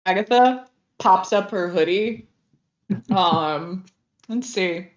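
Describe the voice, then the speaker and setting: A woman describes her character's actions in a tabletop game, talking slowly and stopping often to restart her sentences. Her voice sits at an average pitch, and the recording sounds dull and lo-fi. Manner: hesitant, full of fillers and restarts. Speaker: player. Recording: dull lo-fi audio.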